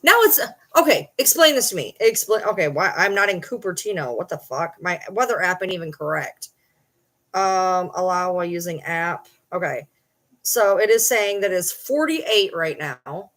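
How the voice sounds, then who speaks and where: A woman's voice: on the low side, animated, moderate pace, a bit bright. A woman chatting casually on a late-night livestream from home, blunt, rambling and swearing freely.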